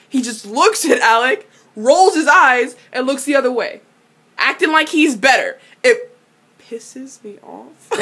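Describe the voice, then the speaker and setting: A young woman recapping a TV episode in a casual, animated way, exclaiming, swearing and laughing often. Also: on the high side. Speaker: vlogger.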